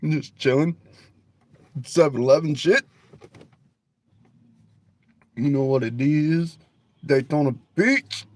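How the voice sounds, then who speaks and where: This livestream host speaks in a fairly high, darkish voice at a slightly slow pace, recorded dry through his phone camera. He's out at night near a store parking lot, relaxed, joking around with viewers and swearing freely.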